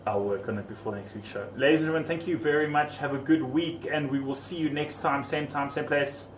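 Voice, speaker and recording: A man hosts a relaxed podcast, joking and chatting as he stumbles over names. He sits back from the mic, so his voice has a roomy echo. A faint hum of noise runs underneath. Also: on the high side, fairly quick, distant mic. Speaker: podcast host. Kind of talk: casual chat.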